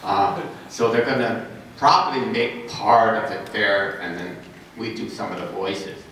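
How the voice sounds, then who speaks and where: A man's voice: lowish voice, measured pace, a bit bright. An older man telling stories as a guest on a convention panel, chuckling and restarting his sentences often. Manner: rambling, chuckling, with many restarts. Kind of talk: panel Q&A storytelling. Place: large convention hall. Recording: echoey convention hall, noisy, from far off.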